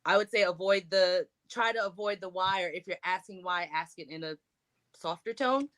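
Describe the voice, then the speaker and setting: A woman speaking earnestly about her own experience in a candid discussion, often pausing with "you know". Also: lowish voice, a bit bright.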